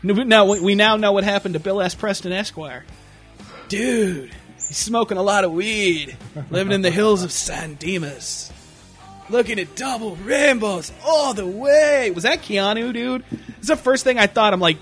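High pitched guy cussing and joking around on a podcast, bit of music in back. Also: expressive, moderate pace, a bit bright. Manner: profane, mocking, loose and joking. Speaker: podcast co-host. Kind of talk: crude comedic podcast banter.

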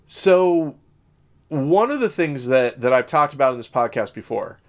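A man from Southern Illinois co-hosts a podcast in a loose, conversational way. His voice sits at an ordinary pitch, and he wanders through his thoughts with plenty of "uh"s and restarted sentences. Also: expressive, unhurried. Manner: rambling, many fillers and self-corrections. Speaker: podcast co-host. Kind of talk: casual conversational chat.

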